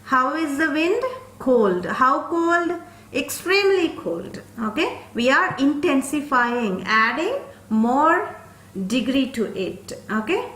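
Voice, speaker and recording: A woman's voice: high voice, expressive, slow pace, sharp tone, echoey room. A woman teaching an English grammar lesson, explaining step by step and checking in with "okay?" after each point.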